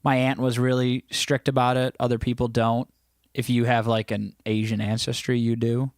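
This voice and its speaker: A man's voice: mid-range voice, flat delivery, moderate pace, dry recording, clean studio sound. An American man hosting a casual livestream from home, reading chat comments aloud in a playful, joking way. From United States. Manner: playful, joking, breaks into bits of song. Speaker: livestream host.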